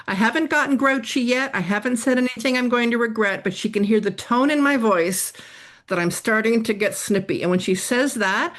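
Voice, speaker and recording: Middle-aged woman, interview guest, storytelling, acts out quotes, conversational. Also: medium pitch. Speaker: guest expert on workplace stress.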